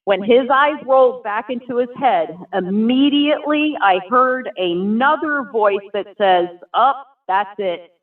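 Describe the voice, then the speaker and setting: A woman's voice: a little high, animated, measured pace, few pauses. Earnest woman's testimony over a tinny line. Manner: earnest, vivid storytelling. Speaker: guest sharing a personal testimony. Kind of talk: emotional personal testimony. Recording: tinny phone-like sound from far off.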